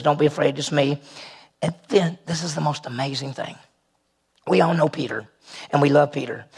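A man's voice: fairly high pitch, creaky, husky. A man preaching a conversational sermon, posing rhetorical questions and rising in emphasis as he goes.

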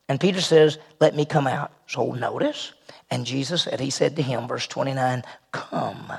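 A man's voice: mid-range voice, vocal fry, slightly rough. A man preaching a conversational sermon, posing rhetorical questions and rising in emphasis as he goes.

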